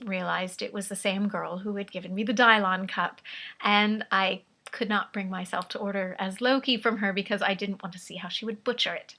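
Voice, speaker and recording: A woman's voice: mid-range voice, pushed and bright. A woman vlogging in a rambling, chatty way, often laughing at herself, with a vaguely British put-on accent. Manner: rambling, chatty, self-amused with frequent laughs. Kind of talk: casual chat.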